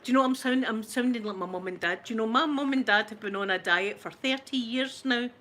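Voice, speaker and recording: Speaking a little fast in a high, slightly bright voice, this woman from Scotland, in her forties, runs an ASMR channel. She talks casually with viewers, often laughing and making fun of herself while telling stories.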